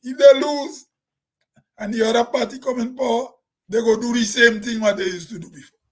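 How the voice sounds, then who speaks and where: A man's voice: very high voice, steady tone, fairly quick, low-quality recording. A Grenadian man talking plainly in a casual, rambling vlog monologue, laughing to himself now and then. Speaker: vlogger.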